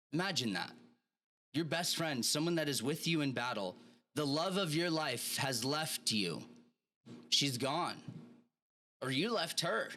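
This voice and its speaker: A man's voice: fairly high pitch, expressive, measured pace, long pauses, bright, forceful tone. A man hosting a motivational podcast, telling stories casually and animatedly with plenty of slang. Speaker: podcast host. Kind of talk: motivational monologue.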